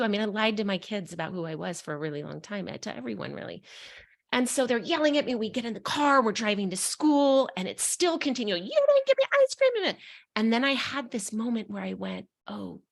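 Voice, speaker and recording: A woman's voice: medium pitch, a bit bright. A middle-aged woman, a coach appearing as a guest, frankly and earnestly recounting a personal story in conversation, openly emotional.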